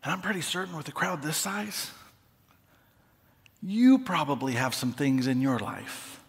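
Earnest pastor preaching in a reverberant hall. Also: male voice, fairly high pitch, measured pace. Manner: earnest, building to emphatic then dropping soft and quiet for prayer. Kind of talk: sermon. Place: large church hall with balcony.

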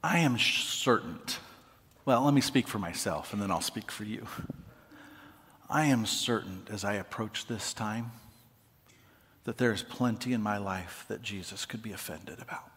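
A man preaching as a pastor, earnest and emphatic, sometimes dropping to a soft, quiet voice for prayer, in a large church hall with a balcony. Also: fairly low pitch, moderate pace. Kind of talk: sermon. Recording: long hall reverb.

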